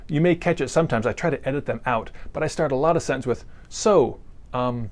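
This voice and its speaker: A man giving a casual video grammar lesson. He is relaxed and rambling, and jokes with crude humor. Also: medium pitch, fast. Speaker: grammar teacher.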